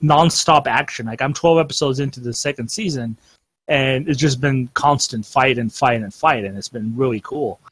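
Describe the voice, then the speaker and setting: A man's voice: mid-range voice, moderate pace, a bit bright, breathy edge. A man chatting casually on a podcast, rambling with lots of fillers and restarts. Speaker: podcast co-host. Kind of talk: casual chat.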